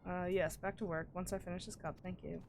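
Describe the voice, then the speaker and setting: A woman's voice: on the low side, fairly even intonation, fairly quick, gravelly, noisy background. An American woman chatting casually and joking at her own expense while live-streaming a game. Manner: chatty, rambling, self-deprecating jokes.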